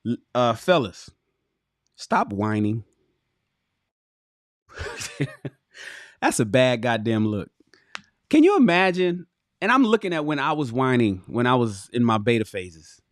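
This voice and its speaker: A man of middle pitch reads from his own book on a livestream. His voice swings widely and he talks straight to chat. The delivery is blunt, profane and emphatic, and the sound is dry and close. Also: takes it slowly, long pauses, dry recording. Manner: animated, profane, emphatic, addresses chat directly. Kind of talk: reading aloud with blunt commentary.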